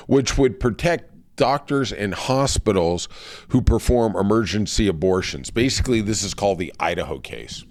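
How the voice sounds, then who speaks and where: A man hosting a podcast, delivering a heated, profane political rant. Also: lowish voice. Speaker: podcast host. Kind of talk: political commentary monologue.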